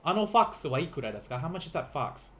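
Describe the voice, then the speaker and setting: A young man teaching beginner vocabulary in a casual livestream, playful and quick to laugh, repeating each word slowly for learners. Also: on the high side, sing-song, a little hiss or hum. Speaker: language teacher.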